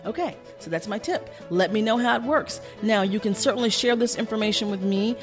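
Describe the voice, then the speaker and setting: A woman coach and host giving an energetic, fast-paced instructional talk, emphatic and using her pitch to illustrate points. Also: faint music behind. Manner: fast-talking.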